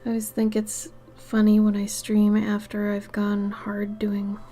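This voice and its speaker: A tired woman chatting casually with viewers while she draws on a livestream, soft-spoken and often dropping into half-whispered asides. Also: mid-range voice, monotone, a little slow, soft background music. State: tired, yawning. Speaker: art livestreamer. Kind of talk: casual chat while drawing on stream.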